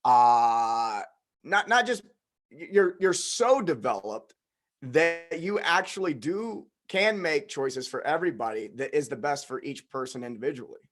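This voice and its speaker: A man hosting a podcast in casual conversation, speaking with a slight drawl and halting restarts. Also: mid-range voice, lively intonation, fairly bright tone. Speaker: podcast host.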